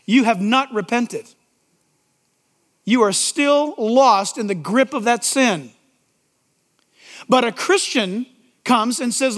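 A man's voice: very high voice, very animated, normal speed, a bit bright. A man pastor delivering an emphatic sermon to a congregation, asking rhetorical questions.

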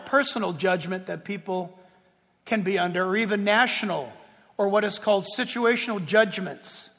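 High-voiced man preaching a sermon. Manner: emphatic preaching, swinging from loud to hushed. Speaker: pastor. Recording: long hall reverb.

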